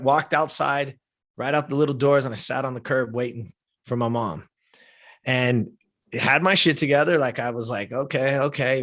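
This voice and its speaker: A man of fifty, a podcast guest, telling a personal story in a heartfelt, casual way, often checking in with "right?" and "you know?". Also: mid-range voice. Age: 50s.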